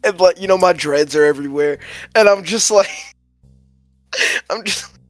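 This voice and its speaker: A man playing a tabletop game, rambling, halting and laughing between words. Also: high voice, dry recording, faint music behind. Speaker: player. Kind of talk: casual tabletop game chat.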